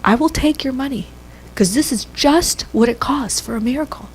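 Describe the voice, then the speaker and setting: A woman voicing a kind male surgeon who speaks to a child in a hushed, half-whispered voice. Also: sits high, moderate pace, slight background noise, voice pushed up, natural voice, poor audio. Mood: tender.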